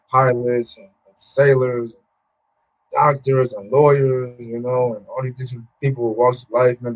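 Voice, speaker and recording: Man, 30s, former pro athlete guest; relaxed, filler-heavy storytelling, mid pitch, dull lo-fi recording. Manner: casual, repeats words, many "you know" fillers. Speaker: interview guest, former pro football player. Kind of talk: candid personal storytelling. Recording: muffled, lo-fi sound.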